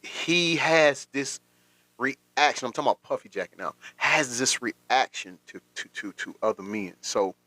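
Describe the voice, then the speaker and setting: A man's voice: mid-range voice, a little slow, sharp tone, no echo. A man hosting a casual livestream, rambling through commentary with repeated words and frequent laughter. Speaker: livestream host.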